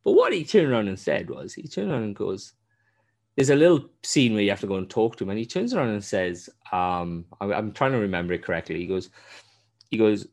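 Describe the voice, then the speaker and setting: A man, a podcast host telling a game's story in casual chat, animated and full of swearing and restarts. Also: on the low side, a little fast.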